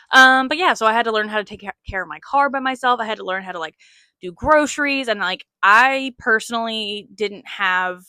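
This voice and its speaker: A woman's voice: mid-range voice, bright, forceful tone, no room sound, studio quality. A woman in her late twenties hosting a podcast, telling stories in a chatty, self-mocking way full of "like" fillers. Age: late 20s. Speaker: podcast host. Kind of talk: casual storytelling monologue.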